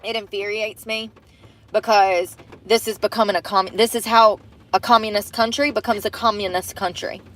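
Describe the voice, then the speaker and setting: A woman's voice: on the high side, a bit bright. Frustrated young woman ranting in her car. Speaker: vlogger living in her car. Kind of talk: venting vlog. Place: inside a parked car in the rain.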